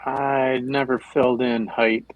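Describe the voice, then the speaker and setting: A man playing a tabletop game, relaxed and planning moves aloud. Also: medium pitch, a little slow, no echo, phone-quality sound. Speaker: player.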